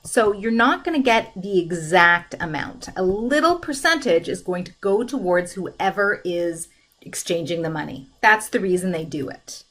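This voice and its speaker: A woman teaching a math lesson, working through problems in a steady, step-by-step way at a desk microphone. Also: lowish voice, moderate pace. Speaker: math instructor.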